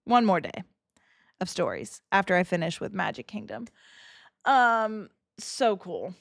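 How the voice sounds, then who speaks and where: A woman in her thirties chatting casually on a livestream, excitable and emotional, swearing freely and laughing often. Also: medium pitch, unhurried, creaky, no room sound, studio quality. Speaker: streamer.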